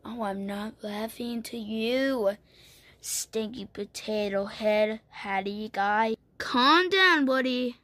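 Woman, homemade toy play-acting, playful exclaiming, very slow talk, dry close sound. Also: on the high side, a bit bright, no echo. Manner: playful, exclaiming, shifting between silly character voices.

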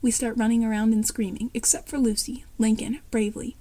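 A woman reading a fan story aloud, saying speaker names and stage directions out loud. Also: a little high, steady tone, fairly quick, husky, no echo. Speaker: story reader.

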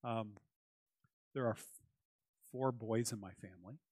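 A man's voice: fairly low pitch, a little slow, darkish tone, husky, no echo. A man preaching a sermon as pastor, earnest and emphatic, repeating his key phrases for weight.

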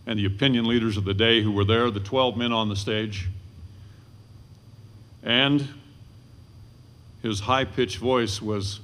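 An older man giving a storytelling history lecture to an audience, dramatic and swelling at the high points. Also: fairly bright tone.

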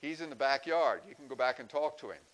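A man's voice: medium pitch, animated, quick pace, fairly bright tone, pitched above the performer's own voice, close to an everyday voice, rough recording. Plainspoken farmer, fed up and dry, as a man plays him in a joke. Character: weary plainspoken male farmer.

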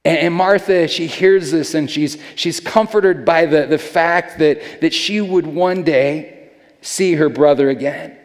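A man's voice: fairly high pitch, measured pace. A man preaching a sermon as a pastor, talking in a casual, earnest way and often repeating words as he goes. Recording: long hall reverb.

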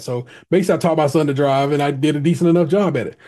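A man's voice: a little high, fast talker, dark tone. A man co-hosting a podcast, telling a story in casual chat, laid-back with many restarts. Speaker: podcast co-host.

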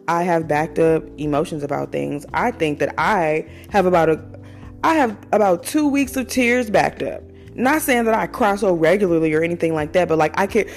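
Host type: woman, mid-twenties, slightly low voice, candid and profane solo talk, faint music underneath. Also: darkish tone. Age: 20s. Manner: candid, profane, conversational with slang. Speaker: podcast host. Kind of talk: casual personal monologue.

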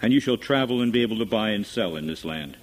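A man's voice: lowish voice, expressive, fast talker, close to an everyday voice, rough recording. Anxious brothers, earnest pleading; male scripture reader. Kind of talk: scripture reading.

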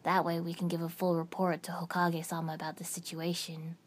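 A woman's voice: lowish voice, a little fast, natural voice. A woman doing a blunt, detached boy. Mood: level. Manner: blunt, calm and a little detached. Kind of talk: fan fiction audiobook reading.

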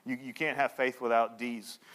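Animated male pastor in a reverberant hall. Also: medium pitch, moderate pace. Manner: animated storyteller acting out dialogue. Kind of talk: sermon with storytelling.

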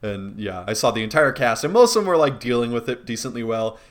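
A man's voice: mid-range voice, lively intonation, quick pace. Laughing man in casual podcast chat. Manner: laughs often, talks in bursts and acts out quotes. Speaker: podcast co-host.

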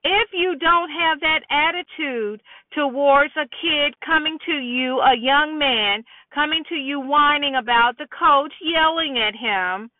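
A woman's voice: high voice, no echo. A woman hosting a podcast, giving an emphatic, preachy talk to mothers with rhetorical questions. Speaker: podcast host. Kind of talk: preachy monologue addressing mothers. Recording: dry tinny phone-like sound.

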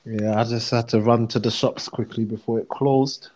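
A man's voice: medium pitch, fairly even intonation, normal speed, darkish tone, a little hiss or hum. A young man with a South London accent chatting as a guest, laughing often and teasing, repeating his phrases. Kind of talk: casual chat.

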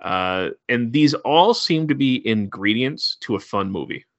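A man's voice: mid-range voice, lively intonation, a little slow, no echo, highs cut off. A man co-hosting a podcast, chatting casually and wryly about a horror movie with lots of fillers. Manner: laid-back, filler-heavy, wry. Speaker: podcast co-host. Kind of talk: casual movie review chat.

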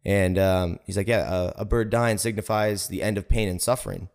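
Rambling, slightly low-voiced man telling a story. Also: steady tone, normal speed, vocal fry, a little mellow. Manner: rambling, heavy use of "like" and "right?". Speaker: podcast guest. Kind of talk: personal storytelling in conversation.

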